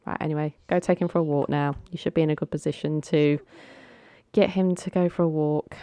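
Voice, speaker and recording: A woman's voice: deep voice, steady tone, a little fast, a little mellow, dry recording. A young woman casually commenting on a life-simulation game, chatty and coaxing her characters along. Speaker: gaming channel host.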